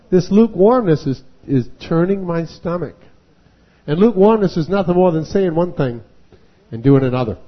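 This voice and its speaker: A man preaching a revival sermon, acting out voices and rising to shouting. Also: on the high side, lively intonation, normal speed, dull audio. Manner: dramatic, acts out voices and rises to shouting.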